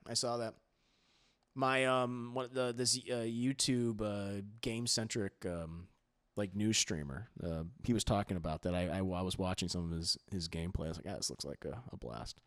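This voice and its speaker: A man hosting a casual podcast while playing a racing game. He is animated and laughs often. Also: lowish voice, normal speed, no echo, clean studio sound. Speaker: podcast host. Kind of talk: casual chat while gaming.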